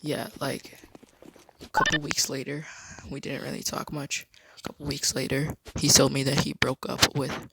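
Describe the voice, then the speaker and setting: A man vlogging a casual story time, rambling in a low-key way. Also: flat delivery, normal speed, vocal fry, very noisy.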